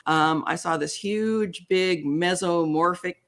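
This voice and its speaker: Older woman, interview guest, animated, acts out both sides of dialogue. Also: lowish voice, slow pace. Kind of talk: storytelling in an interview.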